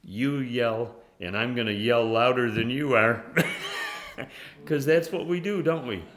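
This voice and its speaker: A man preaching a casual Bible study in a bright, clear voice. He reads scripture, then jokes about himself and laughs often. He is animated and self-mocking, and he drops to a quiet, earnest tone for serious points. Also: mid-range voice, measured pace. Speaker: Bible teacher. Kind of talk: conversational sermon, reading scripture.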